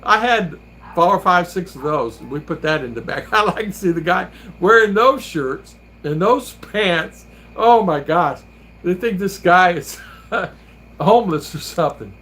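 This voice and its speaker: A man's voice: high-pitched, animated, a little slow, sharp tone. A man hosting a vlog, chatting casually and telling rambling stories while laughing often. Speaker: vlogger and host. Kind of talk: casual chat.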